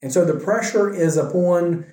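A man teaching a Bible passage in a relaxed, conversational way, retelling scripture in everyday speech and often checking in with "right?". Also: sits high, normal speed. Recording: echoey room.

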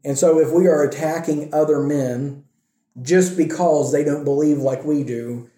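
A man's voice: on the high side, steady tone, measured pace, mellow. A man teaching a Bible study in a plainspoken way, often checking in with "okay?" and reading scripture aloud. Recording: roomy echo.

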